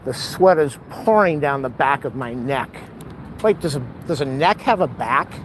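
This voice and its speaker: A man's voice: mid-range voice, animated, moderate pace. A man, out of breath and sweating, joking to the camera on an outdoor walking vlog. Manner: breathless, self-mocking, playful asides. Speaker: vlogger. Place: outdoors on a city street. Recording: outdoor street noise.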